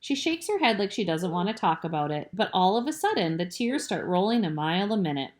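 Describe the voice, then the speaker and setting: A mother reads a bedtime story aloud to her children at home. Her reading is lively and expressive, moving freely up and down in pitch. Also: brisk.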